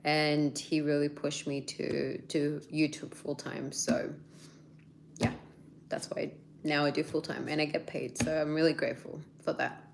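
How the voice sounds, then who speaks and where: A woman's voice: deep voice, little pitch movement, unhurried, vocal fry, a little hiss or hum. A woman in her thirties with an Australian accent, chatting casually with viewers, laughing often as she answers their questions. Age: 30s. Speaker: YouTuber.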